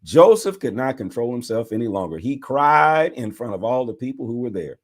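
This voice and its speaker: A man's voice: medium pitch, moderate pace. A man, a bishop, reading scripture aloud and breaking off into preacher-style commentary. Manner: animated reading with preacher asides.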